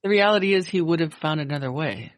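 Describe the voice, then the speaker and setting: A man co-hosting the show who speaks in a calm, measured, thoughtful way. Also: fairly high pitch. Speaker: co-host.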